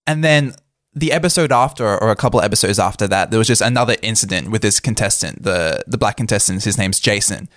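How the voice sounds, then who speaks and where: A man co-hosting a podcast, retelling events in a calm, matter-of-fact casual chat. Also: fairly low pitch, fast, no room sound, clean studio sound. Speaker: podcast co-host.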